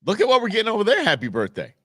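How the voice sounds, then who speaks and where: Man, forties, co-host, lively pitch, bright, teasing banter. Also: very fast, dry recording, clean studio sound. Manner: animated, joking, rambling with restarts. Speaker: podcast co-host. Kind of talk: casual banter.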